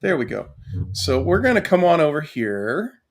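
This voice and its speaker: A man co-hosting a casual podcast chat, rambling and excitable, laughing often. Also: on the high side, moderate pace. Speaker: podcast co-host.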